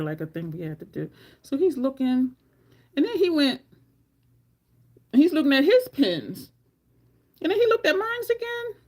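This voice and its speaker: A middle-aged woman telling personal stories casually, laughing often and mimicking others in a squeaky voice. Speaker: storytelling vlogger.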